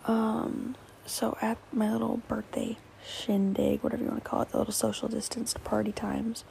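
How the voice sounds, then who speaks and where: A woman's voice: a little high, monotone, moderate pace, gravelly, mellow, a little hiss or hum, low-quality recording. A teenage girl hosting a solo podcast, rambling with lots of fillers and often dropping to a whisper, a little tearful. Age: teens. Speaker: podcast host.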